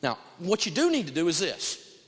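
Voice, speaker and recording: A man's voice: sits high, wildly swooping pitch, normal speed, big-room sound. A man teaching personal finance to an audience, blunt, emphatic and folksy. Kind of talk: lecturing an audience.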